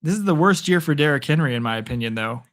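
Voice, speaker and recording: Speaking fast in a slightly high, expressive, somewhat bright voice, a man gives casual live play-by-play of a game from home. He chats and rambles with his viewers, addressing them directly, into a phone propped against a picture frame.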